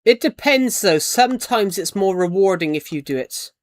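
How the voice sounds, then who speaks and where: Streaming a game, a young Brit keeps up casual, chatty talk and thanks people who donate, sometimes trailing off and restarting. His voice is high and animated, delivered at normal speed.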